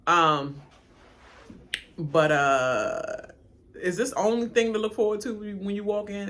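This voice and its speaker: A woman's voice: mid-range voice, takes it slowly, pauses often, fairly bright tone. A woman hosting a reaction video, ranting casually and animatedly straight to her viewers in slangy, laughing chatter. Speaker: reaction channel host.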